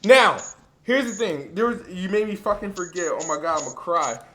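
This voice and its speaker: Man, very high voice, profane, excitable, ranting co-host. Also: normal speed, background noise. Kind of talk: heated casual podcast chat.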